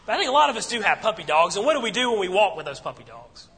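A man's voice: sits high, sing-song, very fast, a bit bright. A man preaching a sermon to a congregation in a conversational way, asking rhetorical questions and repeating phrases for emphasis. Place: church assembly room. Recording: long church-hall reverb.

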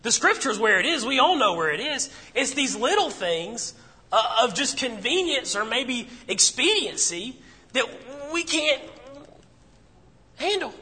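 A man's voice: extremely high pitch, big pitch swings, a little slow, sharp tone. A man preaching a sermon to a congregation in a conversational way, asking rhetorical questions and repeating phrases for emphasis. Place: church assembly room. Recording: long church-hall reverb.

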